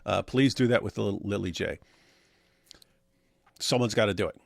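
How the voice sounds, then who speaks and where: A man's voice: lowish voice, normal speed, vocal fry, dry recording, studio quality. A man co-hosting a casual livestream, joking around and reading viewer comments aloud in put-on voices. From Australia. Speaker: co-host reading live chat.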